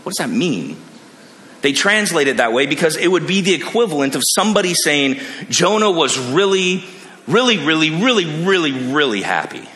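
A man preaching a sermon, animated, acting out the characters he quotes. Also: medium pitch, a little hiss or hum. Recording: long reverb of a large hall.

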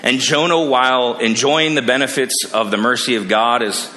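A man preaching a sermon, animated, acting out the characters he quotes. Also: medium pitch, moderate pace. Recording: long reverb of a large hall.

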